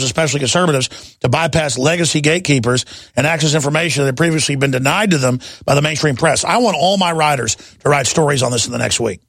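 A gravelly, slightly higher-voiced man hosting a talk radio show, ranting emphatically and with indignation at his listeners. The sound is dry and close on a studio microphone, with no room around it. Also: a bit bright, dry recording. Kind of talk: opinionated talk radio monologue.

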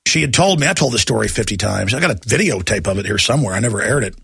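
A man's voice: fairly low pitch, lively intonation, racing, gravelly, fairly bright tone, slightly rough, no room sound. A middle-aged man hosting a talk radio show, ranting in a heated, agitated monologue.

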